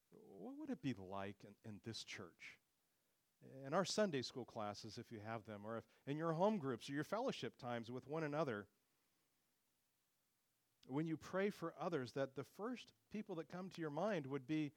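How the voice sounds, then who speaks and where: A man's voice: on the high side, no room sound. A man preaching a sermon with earnest, expository delivery, lifting his voice when he quotes scripture.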